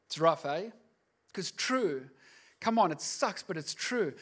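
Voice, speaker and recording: High-pitched passionate male pastor. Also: animated, moderate pace, a bit bright. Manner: passionate, rising to emphatic outbursts. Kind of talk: sermon.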